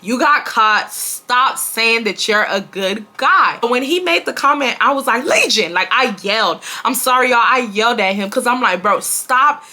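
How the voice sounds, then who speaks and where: A woman in her twenties from Houston, telling a storytime to her viewers in a casual, animated way and acting out the quoted dialogue. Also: on the high side, moderate pace, hardly any pauses. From Houston, Texas. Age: 20s. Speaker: storytime vlogger.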